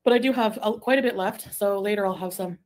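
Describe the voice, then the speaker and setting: Woman, live-stream chat, rambling, giggly asides, soft mumbles, reads viewer comments. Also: medium pitch, fast talker. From Quebec, Canada. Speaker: livestreamer.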